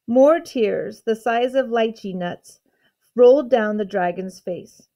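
Woman calmly reading a storybook aloud. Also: fairly high pitch, slow. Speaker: teacher.

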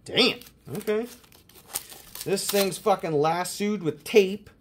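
A young man hosting a casual card-opening video, excitable and swearing constantly as he hypes each card. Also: high-pitched, slow, very noisy. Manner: profane, excitable, hyped. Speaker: host opening sports cards.

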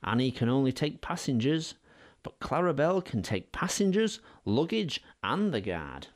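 A man narrating a children's storybook in an expressive, animated way. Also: medium pitch, a little slow.

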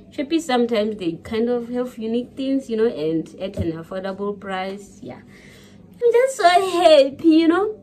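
A woman's voice: fairly high pitch, slight background noise. A woman from Botswana chatting casually through a grocery haul and package unboxing, peppering her talk with "you know" and "guys". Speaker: vlogger. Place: home.

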